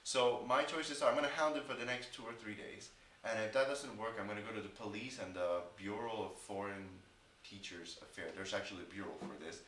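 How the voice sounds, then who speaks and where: A man's voice: on the low side, fairly quick, fairly bright tone, far from the mic, a little hiss or hum. A man chatting casually in a rambling vlog, with stretches of frustrated ranting. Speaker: English teacher vlogger. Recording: echoey room, off-mic at times.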